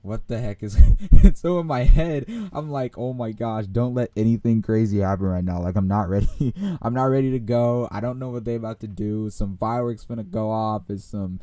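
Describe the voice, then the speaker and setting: Low-voiced young man telling a rambling story. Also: normal speed, few pauses, dry recording. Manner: rambling, animated, laughs often, acts out voices. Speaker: podcast host. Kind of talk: casual storytelling.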